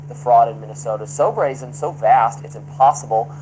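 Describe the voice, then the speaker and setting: A man reading a scripted news report in an even newsreader delivery. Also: mid-range voice, fairly quick, a crowd in the background, rough recording.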